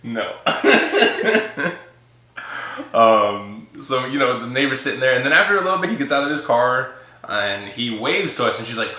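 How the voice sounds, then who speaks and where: Bright-voiced man telling a funny story. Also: medium pitch, moderate pace, echoey room. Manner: laughing, animated retelling, quoting his wife. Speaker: guest husband telling a story. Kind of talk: casual storytime chat.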